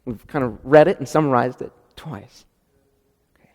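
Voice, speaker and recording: A man preaching a sermon in a conversational, animated way, often restarting his sentences. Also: medium pitch, moderate pace, long reverb tail.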